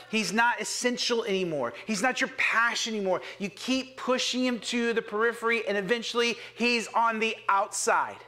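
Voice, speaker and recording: A man preaching a sermon as pastor, earnest, dropping to hushed whispers and rising to emphatic urging. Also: very high-pitched.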